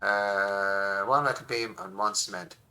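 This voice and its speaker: An Irish man in his forties, a streamer rambling excitedly through casual commentary while he plays a game at his home desk. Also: fairly low pitch, a little slow, clean tone, rough recording. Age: 40s.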